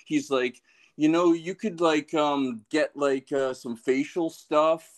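A man in his late thirties speaks slowly in a fairly high, steady voice while co-hosting a podcast. His casual story wanders, pokes fun at himself, and includes lots of swearing.

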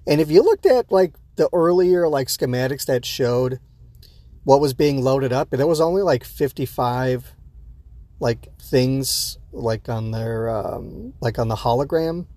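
A man's voice: mid-range voice, animated, measured pace, mellow, no echo. A man talking casually and unscripted as a podcast host reacting to an episode, rambling with many fillers and restarts, a bit sleepy early in the day.

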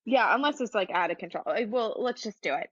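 A woman co-hosting a casual podcast over a remote call, laughing often and talking fast when she gets going. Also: mid-range voice, lively intonation, highs cut off, a loud crowd. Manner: laughs often, rattles off movie quotes fast. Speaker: podcast co-host.

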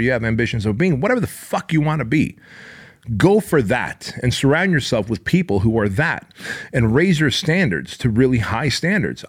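A man's voice: medium pitch, slightly rough. A man in his forties hosting his own podcast, delivering a blunt, profane motivational monologue with lots of emphasis. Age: 40s. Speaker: podcast host.

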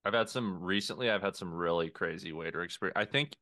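A young man co-hosting a casual podcast, telling anecdotes in an animated way and laughing as he talks. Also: low-pitched, fast, no room sound, studio quality. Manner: animated storyteller, laughs through his anecdotes. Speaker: podcast co-host. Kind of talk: casual chat.

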